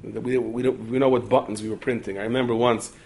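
A man delivers a Torah talk built on stories, his pitch in the middle range. He tells anecdotes in an animated way and sprinkles them with Hebrew and Yiddish terms. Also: fast, slight background noise. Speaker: religious lecturer.

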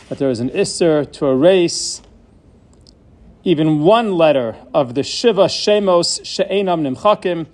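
A man giving a Torah lecture on Hebrew grammar, explaining in a measured way and mixing in Hebrew terms. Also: fairly high pitch, darkish tone. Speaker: Torah teacher.

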